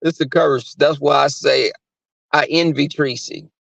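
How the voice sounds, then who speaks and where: A man's voice: on the high side, fairly even intonation, a little slow, creaky, a bit bright, no room sound. A man hosting a livestream, talking crudely and rambling in casual chat, often laughing. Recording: dry muffled recording.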